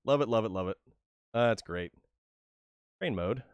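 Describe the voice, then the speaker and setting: A man's voice: lowish voice, animated, normal speed, clear, resonant tone, dry recording, dull audio. A man from New England giving casual, joking commentary on his gameplay during a livestream, often repeating words as he starts a sentence. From New England, USA. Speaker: livestream gamer.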